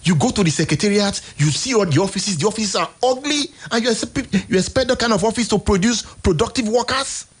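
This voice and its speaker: A Nigerian man hosting a radio show, giving emphatic, exasperated commentary in a husky voice. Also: sits high, a little fast, few pauses. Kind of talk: impassioned on-air commentary. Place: radio studio.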